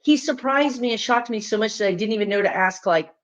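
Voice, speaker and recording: A woman with a Southern US accent, a spiritual teacher talking casually and emphatically to her viewers, with lively asides. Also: on the high side, fast, highs cut off. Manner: animated, emphatic, chatty with frequent asides. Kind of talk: casual direct-to-viewer talk.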